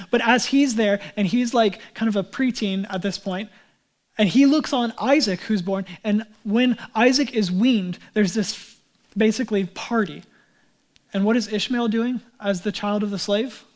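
A male pastor preaching a sermon in a conversational way, swinging between loud emphatic lines and hushed, near-whispered ones. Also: sits high.

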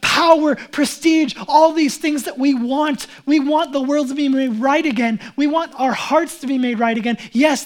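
A man preaching a sermon as pastor, talking casually and conversationally with many "like"s and acting out Bible figures in quoted speech. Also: very high-pitched. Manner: casual and conversational, heavy use of "like".

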